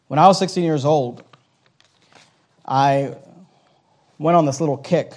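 A man in his thirties preaching a sermon as a pastor, swinging between forceful scripture reading and quiet asides. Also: on the high side. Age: 30s.

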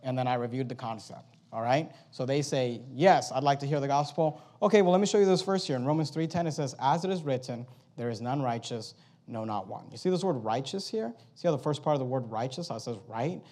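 A man teaching a method for sharing the gospel. He works through numbered steps, acts out sample conversations, and reads verses slowly to stress each word. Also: medium pitch, lively intonation, darkish tone. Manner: walks through steps and role-plays dialogue; slow emphatic verse reading. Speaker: evangelism trainer.

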